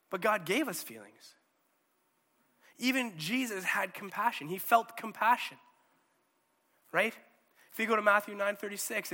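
A man preaching a sermon in a conversational, animated way, often checking in with his listeners. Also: sits high, in a large hall.

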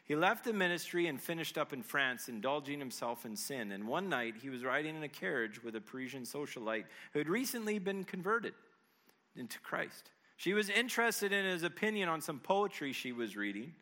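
A man's voice: a little high, lively intonation, a little fast, bright, forceful tone. A man preaching a sermon to his church, earnest and conversational, often checking in with his listeners. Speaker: pastor. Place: church service.

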